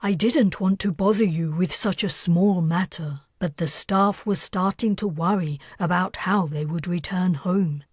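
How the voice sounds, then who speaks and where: A woman's voice: lowish voice, a little slow, hardly any pauses, slightly rough, no echo, studio quality. A woman reading aloud, voicing a polite, deferential female housekeeper who speaks formally and hesitantly.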